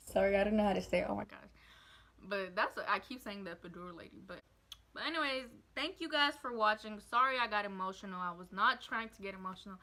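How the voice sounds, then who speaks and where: Young female vlogger, new mom, bright tone, casual heartfelt story time. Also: medium pitch, slight background noise. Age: young adult. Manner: rambling, heartfelt, many fillers.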